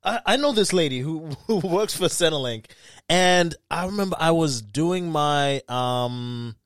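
A man's voice: on the high side, expressive, unhurried, a bit bright, dry recording, clean studio sound. A young man, a comedian, chatting in a laid-back way and laughing easily. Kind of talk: casual podcast chat.

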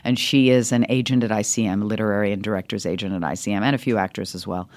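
A middle-aged woman, an actress, telling animated stories in an interview, her voice leaping up with laughter and acted-out lines. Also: quick pace. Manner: lively, swings high with laughter and voices. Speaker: actress guest.

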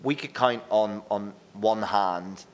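A man, a radio presenter talking as a podcast guest, telling lively, rambling stories with casual swearing. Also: lowish voice, slow, in a large hall. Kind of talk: casual chat.

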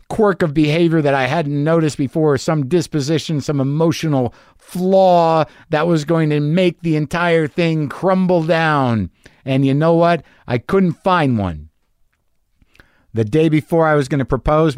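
A man's voice: a little high, normal speed, darkish tone, smooth, no room sound, clean studio sound. A middle-aged man hosting a podcast, telling a rambling, profane, self-mocking story in a casual monologue. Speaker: podcast host.

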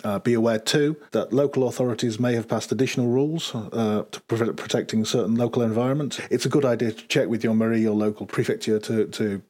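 A man's voice: medium pitch, fairly even intonation, fast, hardly any pauses, darkish tone. A man on a podcast casually explaining rules, with many fillers and restarts. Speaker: podcast co-host.

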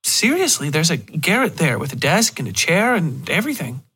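A man's voice: a little high, very animated, moderate pace, sharp tone, husky, pitched above the performer's own voice, heavily acted. A man voicing an eager young woman writer, upbeat and a little apologetic, in a storytelling podcast.

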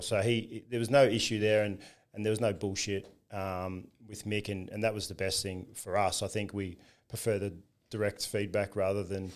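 A man's voice: on the low side, level tone, moderate pace, hardly any pauses. Easygoing Australian man recalling footy days. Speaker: former professional footballer. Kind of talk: casual podcast chat.

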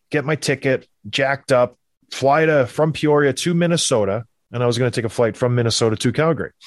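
A middle-aged man from Canada, a former hockey player, telling a rambling, animated anecdote in a casual way, quoting the people in it. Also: mid-range voice, no room sound. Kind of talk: casual storytelling.

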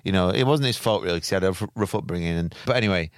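A man's voice: deep voice, racing, no echo, clean studio sound. A young man hosting a podcast, telling crude, rambling stories in casual chat. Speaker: podcast host.

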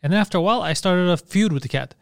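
A man co-hosting a comedy podcast, telling profane stories in casual chat and acting out his own yelling. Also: high-pitched, lively intonation, very fast, vocal fry, no echo, clean studio sound. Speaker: podcast co-host.

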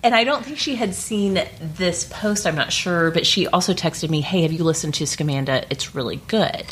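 A woman hosting a podcast in casual chat, enthusiastic and quick to agree. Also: on the low side, slight background noise. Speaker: podcast host.

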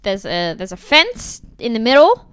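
Young woman, podcast co-host, bright crisp voice, wry and quick, dry close mic. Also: fairly high pitch, big pitch swings, no room sound. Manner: wry, laughs often, quick follow-up questions. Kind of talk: casual chat.

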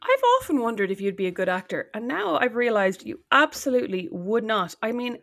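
A woman's voice: fairly high pitch, expressive, fairly bright tone. An Irish woman co-hosting a podcast, chatting casually and teasing her sister. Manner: teasing, quick-witted. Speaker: podcast co-host. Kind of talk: casual chat.

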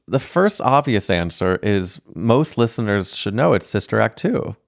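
A man in his thirties from St. Louis, hosting a solo podcast and telling a funny story in a campy, animated way, acting out the other people's lines and laughing as he goes. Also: lowish voice, a little slow, vocal fry, dry recording, clean studio sound. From St. Louis, Missouri, USA. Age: 30s. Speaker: podcast host.

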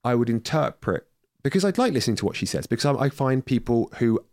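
A man's voice: medium pitch, very animated, fast, a little mellow, dry recording, studio quality. A man talking in a casual podcast conversation, rambling with many restarts and getting heated and sweary.

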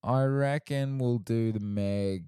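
A man's voice: mid-range voice, slow, mellow, clear, resonant tone, no room sound, clean studio sound. A young man co-hosting a podcast in casual chat, wry and teasing. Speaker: podcast co-host.

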